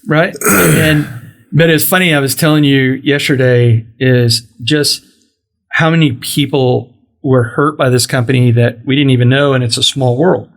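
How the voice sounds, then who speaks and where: A middle-aged male podcast host tells a long story casually and with animation, acting out what the people in it said. His voice is medium-pitched with vocal fry, and he speaks a little slowly.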